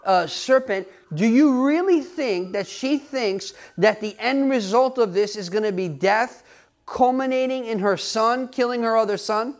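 A male pastor preaching a sermon, speaking emphatically to his congregation, often asking them questions and laughing now and then. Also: very high-pitched. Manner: talks straight to the congregation, asks questions.

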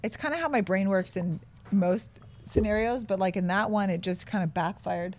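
A woman's voice: medium pitch, normal speed, darkish tone. A woman guest on a podcast, rambling and apologizing as she tells crude stories in casual chat.

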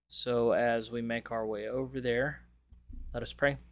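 A man hosting a daily Bible reading, praying and reading scripture aloud in a measured, reverent way. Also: medium pitch, fairly even intonation.

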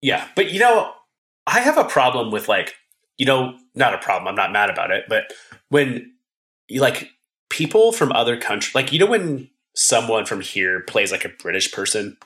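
A man's voice: medium pitch, big pitch swings, normal speed, fairly bright tone. A man co-hosting a podcast, chatting casually about a movie in a rambling, hedging way, full of fillers and restarts. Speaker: podcast co-host. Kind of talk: casual movie-review chat.

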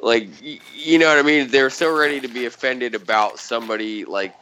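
A man's voice: medium pitch, steady tone, brisk, sharp tone, a little hiss or hum. A man chatting casually on a podcast, telling a rambling story full of swearing and sarcasm. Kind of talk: casual chat. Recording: dull lo-fi sound.

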